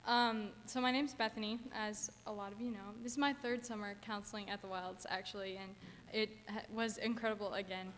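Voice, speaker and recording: A woman's voice: mid-range voice, steady tone, brisk, a bit bright. Young woman, a little nervous, self-deprecating testimony, church hall echo. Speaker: camp counselor giving testimony. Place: church sanctuary. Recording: church hall reverb with faint room noise.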